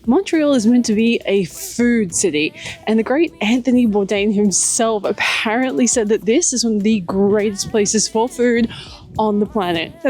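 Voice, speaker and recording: A woman's voice: medium pitch, darkish tone. A young adult woman travel vlogger who talks in an enthusiastic, upbeat and descriptive way. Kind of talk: travel vlog narration.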